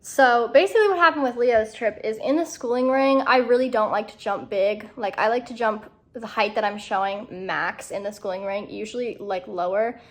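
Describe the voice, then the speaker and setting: A woman's voice: fairly high pitch, normal speed, few pauses. A young woman vlogger and rider, talking in a chatty, self-deprecating way with lots of "like". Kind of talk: casual vlog voiceover and on-camera chat.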